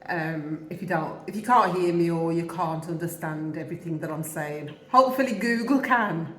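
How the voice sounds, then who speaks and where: A woman's voice: fairly low pitch, moderate pace, roomy sound, a little hiss or hum. Chatty Wolverhampton woman in her fifties. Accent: Wolverhampton English. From England. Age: 50s. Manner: chatty, rambling, laughs often, talks while eating. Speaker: vlogger. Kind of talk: casual chat to camera. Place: home in Jamaica.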